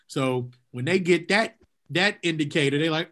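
A middle-aged man co-hosts a relaxed conversation, his voice pitched high and sounding bright and forward. He tells stories with animation and breaks into laughter often. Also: a little fast. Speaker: podcast co-host. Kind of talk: casual chat.

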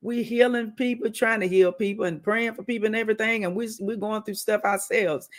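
This woman's medium-pitched voice moves a little fast with fairly even intonation. She's a minister teaching a weekly wisdom segment, preaching in a conversational way, sharing personal stories and calling out to her audience.

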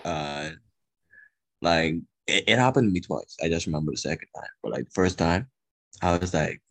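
Male co-host, very low voice but lively, dry close recording, laid-back rambler. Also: normal speed, gravelly, no echo. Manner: relaxed, filler-heavy talk with laughs. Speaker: podcast co-host. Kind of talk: casual chat.

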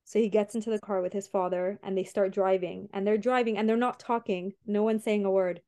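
Young woman podcast host, rambly storytelling, lots of likes and you knows, mid pitch. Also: fairly even intonation, fairly quick, dark tone. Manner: rambling, filler-heavy retelling with many restarts.

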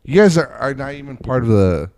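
A man's voice: mid-range voice, animated, fairly quick, a little mellow. A man hosting a podcast in casual chat, rambling and stammering as he talks. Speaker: podcast host.

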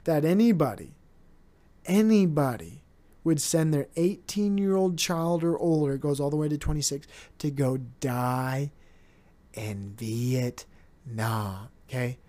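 A man's voice: a little high, slow, dark tone. A young adult man hosting a casual solo podcast, rambling and swearing, often mocking other people in put-on voices. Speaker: podcast host.

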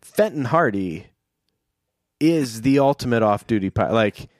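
A man's voice: mid-range voice, animated, a little slow, no echo, clean studio sound. A young adult man telling a long family story in casual chat, rambling with fillers and restarts.

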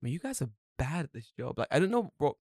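A man co-hosting a casual podcast, telling animated stories, swearing freely and acting out other people's voices. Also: on the high side, quick pace, no room sound, studio quality. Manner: animated storytelling, swears a lot, mimics people. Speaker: podcast co-host.

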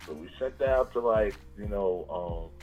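A man's voice: on the low side, expressive, measured pace, dark tone, soft background music, low-quality recording. A man, a DJ and producer from Long Island, telling stories in a casual, slangy interview and acting out the lines of the people in them. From Long Island, New York. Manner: slangy, laid-back storytelling, acting out others' lines.

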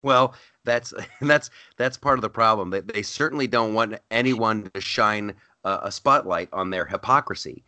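A middle-aged man, a comedian, telling stories in a casual interview, animated and often repeating words as he starts a sentence. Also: lowish voice, moderate pace, hardly any pauses, no room sound. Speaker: stand-up comedian guest.

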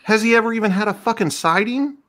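A man's voice: high voice, fast, sharp tone. A middle-aged man co-hosting a casual podcast, ranting in profane, incredulous bursts. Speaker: podcast co-host. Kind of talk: casual chat.

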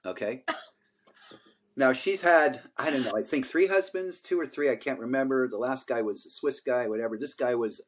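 A man's voice: medium pitch, normal speed. An older man co-hosting a podcast, telling long stories in a casual, rambling way with lots of fillers. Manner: rambling, animated storyteller with many fillers. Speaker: podcast co-host. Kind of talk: casual storytelling chat.

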